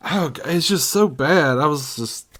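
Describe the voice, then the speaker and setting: A man co-hosting a podcast in casual chat, animated and mocking. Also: a little high, unhurried. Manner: animated, mocking, breaks into laughter. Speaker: podcast co-host.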